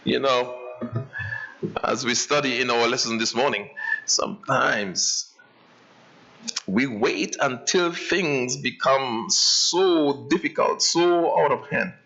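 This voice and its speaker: A male pastor preaching a sermon dramatically, swinging from raised passages to hushed ones. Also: mid-range voice, takes it slowly. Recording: dull lo-fi church livestream.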